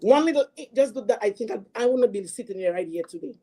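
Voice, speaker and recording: A woman with a very dark, mellow voice and a husky edge tells her own story in an interview. She talks earnestly and haltingly, circling back and repeating words as she goes. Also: a little high, animated. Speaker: guest sharing a personal story. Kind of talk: emotional personal testimony.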